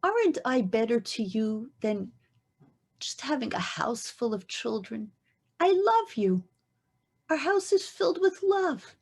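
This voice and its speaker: A woman voicing a loving husband who gently pleads and soothes in a raised voice, repeating his words to comfort his wife. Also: a little high, sing-song, a little slow, slightly rough, heavily acted. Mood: tender, pleading. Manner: soothing, coaxing, repeating himself.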